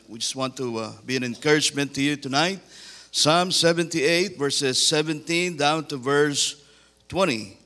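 Male guest preacher, deliberate sermon delivery, repeated emphatic questions, reverberant hall. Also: medium pitch, sharp tone.

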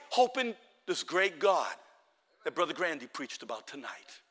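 A man preaching a sermon in a church, telling Bible stories with lively acted-out voices and rising to shouts at the high points. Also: normal speed, slightly rough. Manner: animated storytelling, acts out Bible characters, shouts at peaks. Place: church hall. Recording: long reverb of a hall.

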